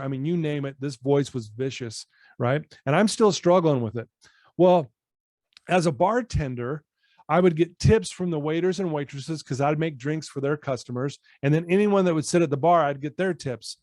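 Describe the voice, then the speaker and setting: A man in his fifties, a personal-development coach, telling a personal story to a podcast host in an earnest, animated way. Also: on the high side, moderate pace, no echo, clean studio sound.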